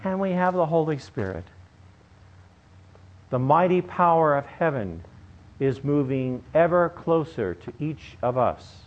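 Male preacher, sermon storytelling, emphatic, somewhat high voice. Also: expressive, a little slow, pauses often, highs cut off.

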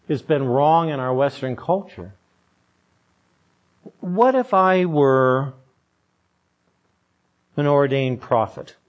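A male pastor giving a sermon in a conversational, storytelling way, with self-deprecating humor. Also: medium pitch.

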